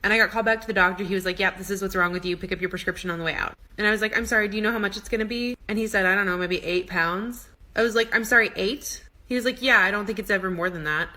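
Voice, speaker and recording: A woman telling a personal story to camera, quoting the people she met. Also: mid-range voice. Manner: fast, animated retelling with quoted dialogue.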